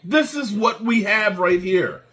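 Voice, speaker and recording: A man's voice: high-pitched, animated, a little slow, a bit bright. A man hosting a fan channel, delivering an angry, repetitive rant with swearing.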